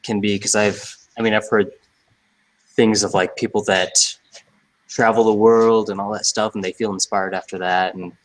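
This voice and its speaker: Hesitant lower-voiced man asking a question. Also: little pitch movement, normal speed, rough recording. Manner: hesitant, searching for words. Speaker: audience member asking a question.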